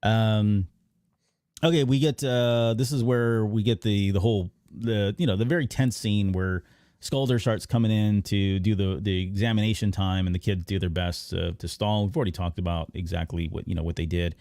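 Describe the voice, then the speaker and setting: Podcast guy rambling thru an episode recap, lowish voice, dry sound. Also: fairly even intonation, normal speed, a little mellow, no echo. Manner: rambling recap with many fillers and restarts. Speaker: podcast host. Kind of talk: casual episode breakdown chat.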